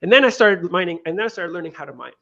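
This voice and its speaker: A man, his voice sitting a little high, tells a story in a lively interview. He talks casually and restarts his sentences often, slipping into quoted dialogue. The audio sounds dull and lo-fi. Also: racing, vocal fry. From Venezuela. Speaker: guest, crypto lending co-founder.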